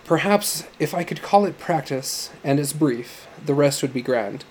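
A man's voice: on the high side, expressive, unhurried. Man doing a haughty musician, bored, lofty, audiobook reading, faint background hiss. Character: haughty male musician posing as a star.

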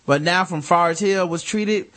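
A man with a fairly high voice co-hosts a loose comedy podcast. He reads listener emails and news items aloud and keeps breaking off to joke and swear. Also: moderate pace, a bit bright. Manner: profane, joking, reads news aloud with riffs. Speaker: podcast co-host. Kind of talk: casual comedic chat, reading listener mail.

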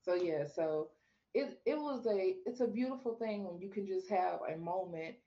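A woman talks through her faith story as a guest on a podcast. She gets animated and swings up high whenever she plays out her own prayers and replies. The recording sounds a bit dull and lo-fi. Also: moderate pace. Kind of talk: casual faith interview.

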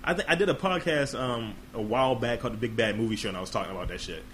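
A man's voice: medium pitch, rapid-fire, slight background noise. A man hosting a podcast in casual comedic chat, swearing freely and acting out quoted voices. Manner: profane, animated, acts out quotes. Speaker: podcast host.

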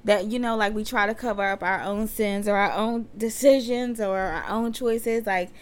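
A woman's voice: medium pitch, steady tone, normal speed, clean tone. Chatty woman around thirty, slangy. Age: about 30. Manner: chatty and slangy, addressing listeners directly. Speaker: podcast host and mother. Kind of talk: casual faith podcast talk.

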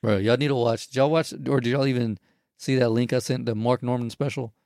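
A man's voice: medium pitch, steady tone, fairly quick, darkish tone, dry recording, clean studio sound. A man hosting a podcast in casual chat, swearing a lot and laughing often. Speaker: podcast host.

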